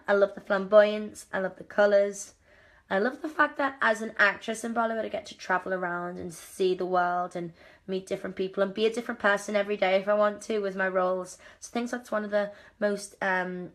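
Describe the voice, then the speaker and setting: A woman's voice: mid-range voice, steady tone, fairly quick, a bit bright. A young woman, an actress, chatting casually and playfully on a live stream with fans, reading out their comments and answering with restarts.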